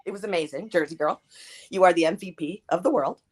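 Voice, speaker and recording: A woman's voice: lowish voice, fast, breathy edge. A woman guest on a livestream, telling a story in casual chat, laughing often and acting out what others said. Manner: giggly, animated, acts out quotes.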